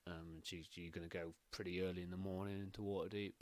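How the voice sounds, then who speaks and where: Man, game master, very low pitch, rambling, filler-heavy. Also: flat delivery, fast. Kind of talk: narrating a tabletop game.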